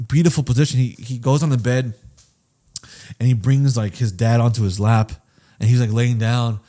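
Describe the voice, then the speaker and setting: Podcast host, male, relaxed warm tone, earnest and reflective, swears freely, trails off and restarts. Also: mid-range voice, normal speed. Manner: candid and reflective. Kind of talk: casual podcast chat.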